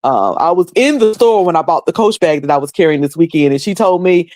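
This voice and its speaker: A woman's voice: lowish voice, expressive, a little fast, darkish tone, dry recording, studio quality. A woman with a North Carolina accent chatting casually on her livestream, rambling with many fillers and restarts. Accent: Southern US, North Carolina. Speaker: livestream host.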